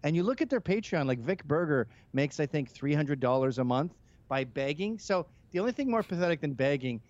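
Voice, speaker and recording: Man, podcast guest, sardonic, mocking, slightly high lively voice. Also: a little fast, dull audio. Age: 30s or older. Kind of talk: casual podcast banter.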